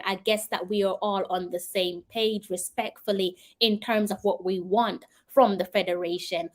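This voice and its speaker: Viewer comments get earnest, persuasive replies from this Jamaican-accented woman, who hosts a live-stream commentary and speaks directly to the people watching. She's from Jamaica and has a mid-range voice.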